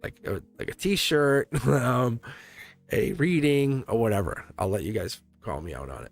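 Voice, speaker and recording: Guy doing a tarot live stream, rambly and jokey, mid pitch, faint music in the back. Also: very animated, measured pace, creaky. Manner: rambling, chuckles often, joking with viewers. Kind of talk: casual live stream chat.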